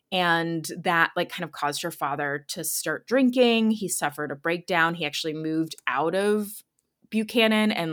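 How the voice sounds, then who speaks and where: A woman's voice: sits low, fairly bright tone. A woman in her thirties telling a story in a casual chat, with many filler words. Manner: chatty, lots of "like" fillers, laughs often. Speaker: podcast host telling a true-crime story.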